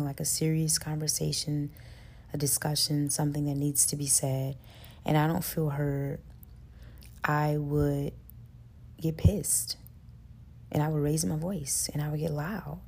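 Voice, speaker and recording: A woman with a low, flat, gravelly voice that sounds husky and mellow. She hosts a self-help podcast in an earnest, casual monologue full of "like" and "you know". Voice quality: says her voice is high-pitched and gets loud with passion. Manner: earnest, conversational, lots of fillers like "like" and "you know". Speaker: podcast host.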